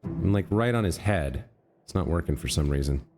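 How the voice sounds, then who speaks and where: A man with a fairly low voice that rises and falls a lot, musing aloud as he plays through a game. He corrects himself mid-sentence and talks straight to the characters on his screen. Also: animated, normal speed, music in the background. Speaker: let's play host. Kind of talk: thinking aloud while gaming.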